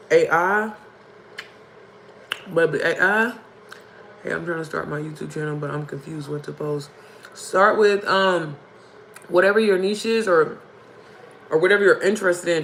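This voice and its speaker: Hoarse, chatty woman livestreaming. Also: low-pitched, fairly bright tone, slight background noise, poor audio. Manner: chatty, addresses viewers as y'all and baby. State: hoarse from screaming. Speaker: livestream host. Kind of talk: casual livestream chat.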